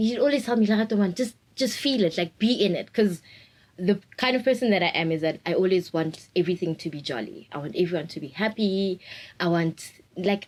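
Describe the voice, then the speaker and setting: A woman's voice: medium pitch, darkish tone, low-quality recording. Laughing young woman. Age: 20s. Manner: open, reflective, laughs often. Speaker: interviewee. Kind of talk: candid personal interview.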